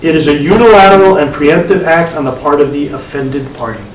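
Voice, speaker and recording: Here a meditation teacher, a man with a slightly high voice, talks a little fast during a live dharma class. He's conversational, repeats words, and slips in wry asides; the recording has an echoey room, a distant mic and faint hiss.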